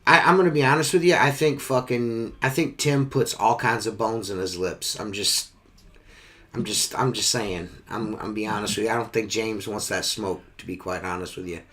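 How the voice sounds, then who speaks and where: A man's voice: lowish voice, steady tone, moderate pace, a bit bright. A man hosting a casual podcast, rambling and swearing, repeating himself as he talks. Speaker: podcast host.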